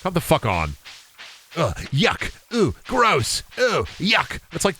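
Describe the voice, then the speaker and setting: A man's voice: on the high side, wildly swooping pitch, measured pace, pushed and bright. A man streaming a farming game, chatting casually and crudely with his viewers in rambling, mock-dramatic riffs. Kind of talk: casual gameplay commentary. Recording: game music behind.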